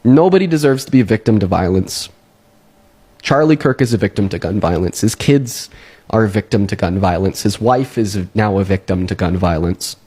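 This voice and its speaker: A man's voice: on the low side, animated, moderate pace, darkish tone, breathy edge. A man speaking angrily and bluntly in an opinion video. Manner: angry, blunt.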